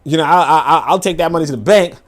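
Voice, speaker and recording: A man hosts a loose livestream, reacting to a video and his chat. His voice sits a bit high for a man. He talks in animated, profane bursts full of fillers and laughing asides. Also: racing. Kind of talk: casual livestream commentary.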